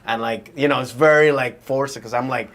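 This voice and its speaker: A comedian guest on a podcast, a man with a mid-range voice. He tells stories in a relaxed, profane chatter and breaks into laughter often. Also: mid-range voice, moderate pace. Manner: laid-back, profane, laughing. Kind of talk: casual chat.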